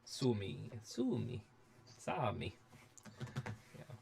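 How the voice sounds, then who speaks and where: A man's voice: fairly low pitch, huge pitch swings, very slow, creaky, a little mellow. A man hosting a casual studio livestream, rambling and restarting, with frequent swearing. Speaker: music producer and livestream host.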